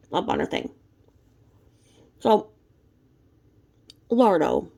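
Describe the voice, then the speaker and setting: A woman's voice: medium pitch, gravelly, darkish tone. A woman talking in a profane, mocking gossip commentary vlog, snacking between remarks. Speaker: vlogger.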